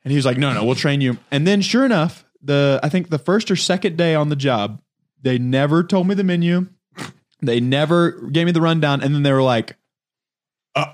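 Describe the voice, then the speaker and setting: A man's voice: fairly high pitch, brisk. A man co-hosting a casual chat, telling a story and laughing often. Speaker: podcast co-host.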